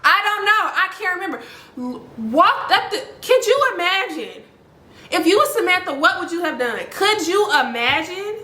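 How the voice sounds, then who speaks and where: A woman in her twenties telling a story to camera in a casual, slangy, animated way, talking to viewers as y'all. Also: extremely high pitch, normal speed, echoey room. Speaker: storytime vlogger.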